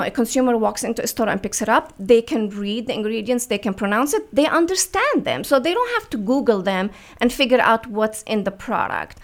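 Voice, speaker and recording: With a medium-pitched, creaky voice, a woman from the Middle East appears as a radio guest, speaking earnestly about her beauty brand as its founder. Her speech is full of fillers and false starts.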